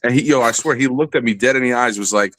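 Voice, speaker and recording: A man telling a long, animated and profane story in a casual podcast chat. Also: medium pitch, fast, no echo. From New York area.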